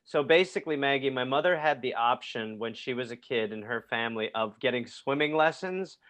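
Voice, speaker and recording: A man's voice: medium pitch, a little fast, a bit bright. A man hosting a comedy podcast over a video call, teasing and sarcastic with his guests. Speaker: podcast host. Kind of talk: comedic banter.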